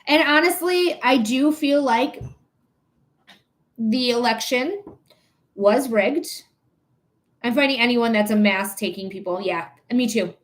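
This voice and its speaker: A woman's voice: a little high, slow pace, pauses often. A young adult woman reading tarot on a livestream, ranting emphatically with repetition and swearing, then thanking viewers. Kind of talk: casual livestream chat.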